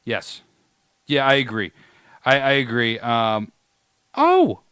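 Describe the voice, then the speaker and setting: A man's voice: medium pitch, wildly swooping pitch, takes it slowly, a bit bright, clear, resonant tone, no room sound. Easygoing New England podcast guy. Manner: easygoing storyteller. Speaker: podcast co-host. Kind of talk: casual chat.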